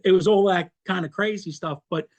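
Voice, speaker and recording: Animated man telling his story. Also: sits high, a little fast, lo-fi sound. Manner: animated, laughs often, restarts and repeats words. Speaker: interview guest. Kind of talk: conversational storytelling.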